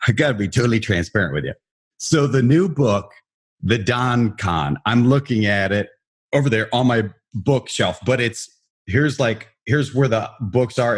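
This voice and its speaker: A man hosting a podcast in a relaxed, rambling, self-deprecating way. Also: on the low side, husky. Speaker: podcast host. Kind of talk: casual podcast chat.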